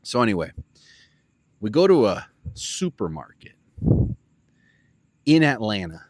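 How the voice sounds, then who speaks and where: A man with a deep, low voice tells a casual story as a podcast host. He rambles and gets animated, with plenty of "like" and "you know". The sound is dry and close. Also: no room sound. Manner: rambling, animated, lots of fillers.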